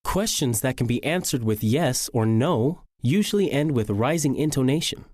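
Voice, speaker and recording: A man narrating a scripted English lesson, reading slowly and clearly. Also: medium pitch, expressive, a little mellow, dry recording, clean studio sound. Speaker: English teacher.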